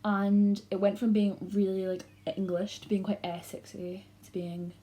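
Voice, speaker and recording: A woman's voice: mid-range voice, level tone, moderate pace, mellow, slight background noise. A teenage girl with a Scottish accent, chatting casually to camera in a vlog and leaning heavily on "like" fillers. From Scotland. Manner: chatty, heavy use of "like" fillers. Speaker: YouTuber.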